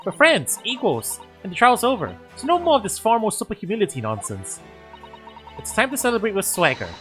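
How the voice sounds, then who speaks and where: A streamer voicing a bubbly, excitable young woman while reading game dialogue aloud. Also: mid-range voice, fairly quick, faint music behind, pitched above the performer's own voice. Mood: exuberant.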